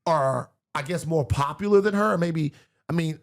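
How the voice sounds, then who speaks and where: Emphatic, gravelly man. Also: a little high, normal speed. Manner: emphatic and slangy, with lots of restarts. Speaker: guest. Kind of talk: casual chat.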